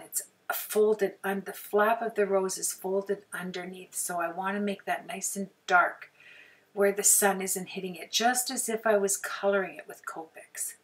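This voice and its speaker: A woman with a hoarse, sore throat chatting through a crafting tutorial voice-over, often clearing her throat and apologizing. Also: medium pitch, distant mic. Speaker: card-making crafter.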